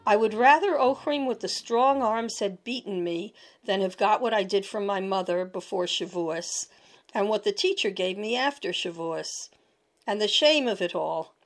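A woman narrating a storybook tale in a measured, expressive reading voice. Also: medium pitch, faint music behind.

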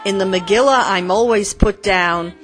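A woman's voice: mid-range voice, normal speed, fairly bright tone, faint music behind, lightly acted. A woman voicing a grumbling middle-aged father who leads a troupe of Purim players, exasperated and cursing. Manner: exasperated, cursing under his breath.

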